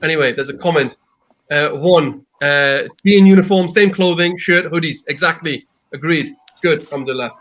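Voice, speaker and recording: A man hosting a casual panel chat, prompting guests with quick upbeat affirmations. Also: fairly high pitch, a bit bright. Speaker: host.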